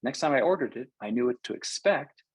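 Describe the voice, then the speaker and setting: A man giving a webinar talk on culture at work, lively and animated, acting out quoted reactions now and then. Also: medium pitch, fairly quick, slightly rough, dry recording, poor audio. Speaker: cultural intelligence speaker.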